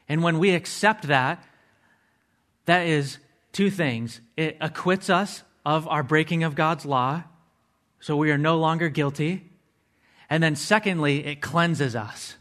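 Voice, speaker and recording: A man with a somewhat higher-than-usual voice preaches a sermon. He talks earnestly and walks through the meanings of words one at a time. He drops casual asides to his listeners as he goes. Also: a bit bright. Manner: earnest, explains word meanings step by step.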